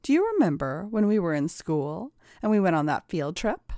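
Woman reading smug taunting schemer, mocking, low mellow voice, dry close sound. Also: sing-song, moderate pace, no echo.

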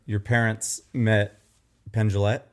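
A man's voice: lowish voice, little pitch movement, slow pace, smooth. A man co-hosting a casual podcast chat, making dry, laid-back remarks. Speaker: podcast co-host.

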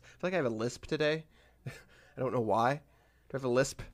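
Male podcast host, mid pitch, rambling casual delivery full of restarts. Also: brisk, a bit bright. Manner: rambling, with frequent restarts and trailing-off asides.

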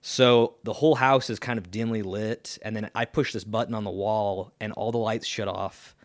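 A young man co-hosting a podcast, chatting casually in a rambling, halting way with lots of fillers and restarts. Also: fairly low pitch, steady tone, no echo, studio quality. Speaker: podcast co-host. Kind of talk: casual chat.

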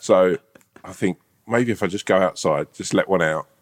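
A man's voice: deep voice, normal speed. A man, a comedian co-hosting a podcast, telling rambling, sweary anecdotes in casual chat.

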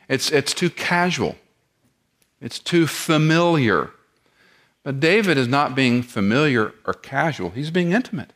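A man's voice: on the high side, lively intonation, a little slow, fairly bright tone. A middle-aged man preaching an expository sermon, explaining the text verse by verse and posing rhetorical questions as he teaches. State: lives with chronic back pain. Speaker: pastor.

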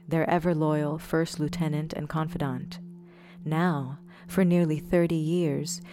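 A woman in her twenties reading a first-person memoir in a measured, reflective way. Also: deep voice, mellow. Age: 20s. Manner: measured, reflective, slow pauses. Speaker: narrator.

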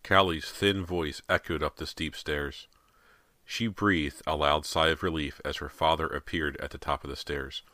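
Super deep guy narrating a horror book, crisp bright tone, dramatic. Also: moderate pace, no room sound. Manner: dramatic, expressive reading. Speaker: audiobook narrator. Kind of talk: scripted narration.

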